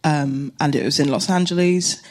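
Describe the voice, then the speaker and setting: A woman's voice: deep voice, fairly even intonation, normal speed, darkish tone. A British woman, a comedian and actor, chatting on a cinema stage as a live podcast guest, laughing easily and mocking herself. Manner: chatty, giggly, self-mocking.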